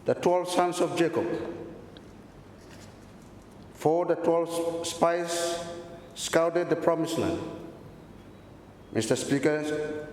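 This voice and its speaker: A man from the Solomon Islands giving a formal parliamentary speech, repeatedly addressing the Speaker and listing numbered points. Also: darkish tone. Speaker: member of parliament. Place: large parliament chamber. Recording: echoey chamber recording with a faint rumble.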